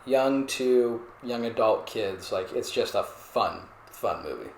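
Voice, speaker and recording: A man's voice: on the low side, expressive, slow pace, gravelly, a little hiss or hum. A man co-hosting a casual podcast chat, chiming in with brief, agreeable comments. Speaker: podcast co-host. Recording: echoey room.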